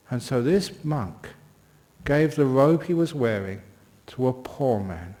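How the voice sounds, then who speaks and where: A man's voice: mid-range voice, expressive, slow pace, mellow. A British man in his sixties, a Buddhist monk giving a dharma talk with humorous, self-deprecating storytelling.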